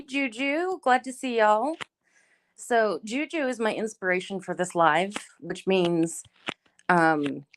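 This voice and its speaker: A middle-aged woman hosting a casual live chat, greeting viewers by name and chatting in a laid-back way. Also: mid-range voice. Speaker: livestream host.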